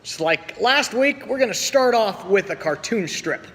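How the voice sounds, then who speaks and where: A man preaching a sermon as pastor, telling stories with voiced quotes and slow pauses. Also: high-pitched, lively intonation, fairly bright tone. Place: church sanctuary. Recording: long church reverb.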